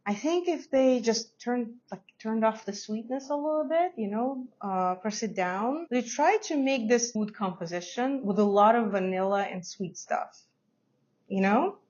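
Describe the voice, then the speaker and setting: A woman's voice: on the high side, lively intonation, unhurried, a little mellow. Chatty woman reviewing fragrances, slightly muffled. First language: not English. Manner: chatty, hesitant, laughs often. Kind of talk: casual review to camera.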